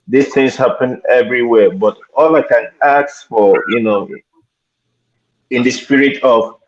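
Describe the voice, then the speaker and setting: Slow, hesitant male caller, lo-fi. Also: mid-range voice, slight background noise. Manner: hesitant, many fillers. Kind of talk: radio talk show call-in. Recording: dull lo-fi line.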